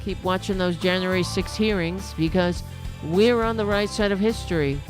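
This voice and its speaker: A woman's voice: lowish voice, normal speed. A woman hosting a political commentary show, talking casually with a sarcastic, mocking manner over faint music. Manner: sarcastic, mocking, reading out comments in mimicking voices.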